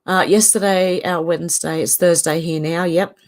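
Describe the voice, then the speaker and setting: Low-voiced Australian woman chatting casually. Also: steady tone, moderate pace, darkish tone. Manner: chatty and opinionated, laughs often. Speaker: channel host. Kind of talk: casual livestream chat reading viewer comments.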